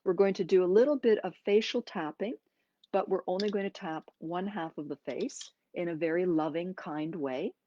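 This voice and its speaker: With a mellow, somewhat low voice, a woman teaching yoga walks her class through breathing and movement, gentle and unhurried, with pauses between directions. The sound is dry, a bit dull and lo-fi, with a little hiss or hum.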